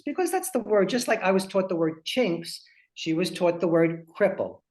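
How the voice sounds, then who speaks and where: A man who works as a family advocate presents a webinar, telling stories with energy and addressing his audience directly. His voice is high-pitched and moves at a moderate pace.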